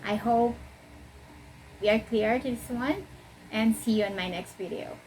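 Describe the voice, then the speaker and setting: Filipino female English teacher, higher voice, slow explainer. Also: darkish tone, slight background noise, poor audio. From Philippines. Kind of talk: casual video lesson.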